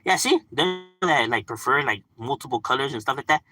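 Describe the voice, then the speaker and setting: Speaking a little fast with lively intonation, this man has a medium-pitched, sharp-toned voice, captured on a low-quality recording. He's on a live stream, loose and profane, laughing a lot, answering viewers you can't see, and padding his speech with "like" and "you know."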